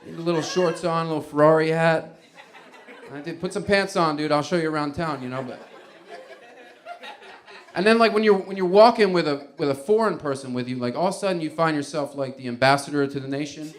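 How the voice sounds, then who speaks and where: A man's voice: on the high side, a little fast. A man doing stand-up comedy, telling a rambling, conversational story.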